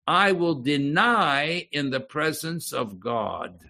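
Gravelly male preacher reading scripture. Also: a little high, takes it slowly. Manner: animated, repeats and restarts words, reads scripture aloud. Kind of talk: sermon.

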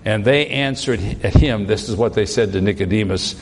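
A man's voice: fairly low pitch, normal speed, few pauses, slightly rough, in a large hall. A man preaching a sermon, pressing his point with emphatic rhetorical questions. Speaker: pastor.

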